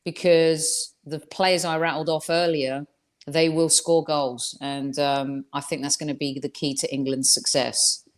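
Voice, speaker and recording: A woman's voice: sits low, flat delivery, a little slow. A woman giving football predictions as a guest on a video call, thoughtful and hesitant with fillers. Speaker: guest pundit. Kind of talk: casual football chat.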